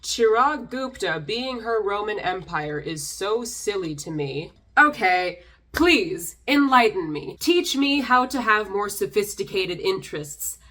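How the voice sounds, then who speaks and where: A woman's voice: mid-range voice, animated, measured pace, a bit bright. A young woman vlogger reacting to comments in a sarcastic, exasperated way, a little tipsy. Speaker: YouTuber reading comments. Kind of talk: casual commentary.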